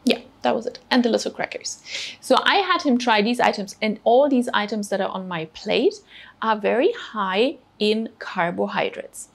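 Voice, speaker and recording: A woman's voice: on the high side, expressive, moderate pace, vocal fry. A woman presenting a children's cooking show, explaining food patiently and encouraging the kids step by step. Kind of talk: teaching children about food.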